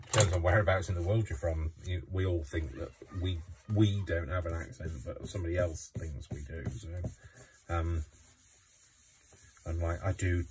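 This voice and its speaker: A man with a very deep voice chats casually while he crafts. He rambles and fills his talk with ums and restarts. A faint noise sits behind him. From Coventry, England. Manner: rambling, chatty, many fillers. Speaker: craft vlogger.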